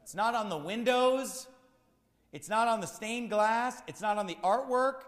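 A man's voice: high voice, unhurried, fairly bright tone, echoey room, in a large hall. A man preaching a sermon as pastor, firing rhetorical questions in a repetitive, emphatic cadence.

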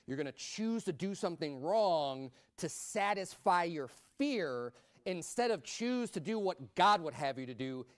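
A man preaching a sermon in a conversational way, rising to loud emphatic peaks. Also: on the high side, no room sound, studio quality.

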